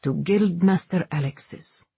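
A woman reading an audiobook voices a stern, stoic male guardian, speaking in a grave, measured and unbending way. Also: on the low side, vocal fry, dark tone, husky, no echo, heavily acted.

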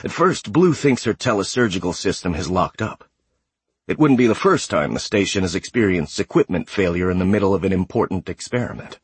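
A man narrating a sci-fi audiobook in a steady, measured way. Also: sits low, breathy edge, no echo. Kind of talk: scripted narration.

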